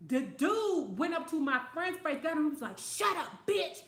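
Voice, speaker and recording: A high-pitched woman talks straight to her audience, swearing freely and laughing through her own stories. She is a show host answering viewer comments in a loose, lively monologue. Her voice rings off the walls of an echoey room. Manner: animated, profane, storytelling, quick to laugh. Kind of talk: casual talk show monologue.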